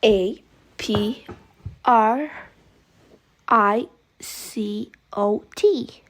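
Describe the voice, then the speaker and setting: A woman's voice: a little high, extremely slow. A woman teaching English vocabulary, saying each word several times and spelling it out letter by letter. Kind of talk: vocabulary lesson, slow spelling drills.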